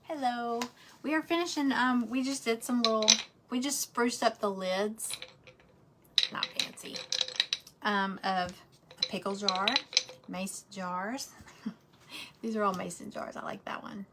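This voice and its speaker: A woman's voice: fairly high pitch, steady tone, a little slow, long pauses, heavy background noise. Chatty woman hosting a craft stream. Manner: chatty, rambling, talks straight to viewers. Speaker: craft livestream host. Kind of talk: casual craft livestream chat.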